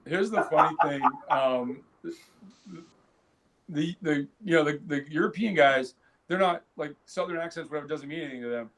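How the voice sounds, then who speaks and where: A man co-hosting a tech podcast in casual chat. He tells stories in an animated way, restarts his sentences and breaks into loud laughs. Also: a little high, moderate pace, a little hiss or hum. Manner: animated storyteller, laughs loudly, frequent restarts. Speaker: podcast co-host.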